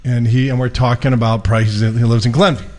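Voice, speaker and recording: A man hosting a radio show, casually telling a lively story and acting out both sides of the conversation. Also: medium pitch, fairly quick. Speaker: radio show host and mortgage lender.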